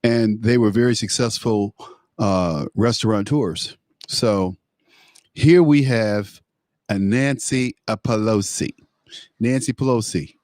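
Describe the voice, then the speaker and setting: A man's voice: lowish voice, slow, a little mellow, no echo. Blunt, mocking male talk radio host. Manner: blunt, mocking, stumbles and repeats words.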